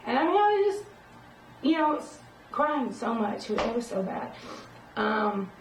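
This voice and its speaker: A woman's voice: a little high, big pitch swings, unhurried, noisy background. A middle-aged woman vlogging casually about her own experience, rambling and emphatic, often checking in with "okay?". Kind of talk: casual personal talk to camera. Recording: roomy echo, distant from the mic.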